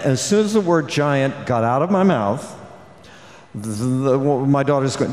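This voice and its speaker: An older man telling stories on a convention panel, restarting often and filling pauses. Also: mid-range voice, lively intonation, darkish tone. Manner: storytelling with many restarts and fillers. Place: large convention hall. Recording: echoey hall with long reverb.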